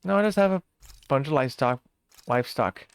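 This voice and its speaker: A game streamer casually talking through a live stream, reading in-game text aloud, thinking out loud and laughing easily. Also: mid-range voice, animated, fairly quick, creaky, clean tone.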